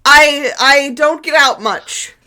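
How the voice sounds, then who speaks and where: A woman's voice: high-pitched, takes it slowly, a crowd in the background, voice pushed up. Woman voicing a flustered half-elf priest. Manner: flustered, stammering, breathy exclamations. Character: fretful, gushing male half-elf priest.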